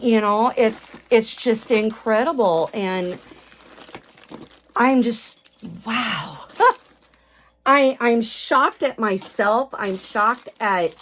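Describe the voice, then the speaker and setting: Sorting through her doll collection, a woman vlogs casually in an awed tone, repeating her exclamations and using lots of fillers. Her voice is on the high side, and she's hot and sweaty from the work.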